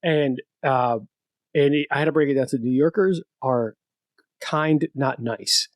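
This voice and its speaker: A man hosting a podcast in casual chat, telling stories in an animated, profane way. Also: mid-range voice, a little slow, no echo. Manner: animated, profane storyteller who laughs often. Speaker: podcast host.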